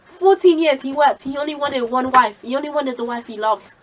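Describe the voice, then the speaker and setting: A woman's voice: high voice, brisk, far from the mic, poor audio. A woman giving an informal Bible teaching, telling the story conversationally with many asides. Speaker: Christian vlogger sharing a Bible message.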